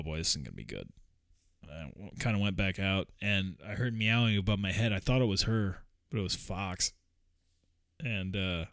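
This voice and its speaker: A man with a low voice chats casually, rambling and swearing freely, often breaking into chuckles. The sound is dry and close, with no room echo. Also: fairly bright tone. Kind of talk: casual vlog chat.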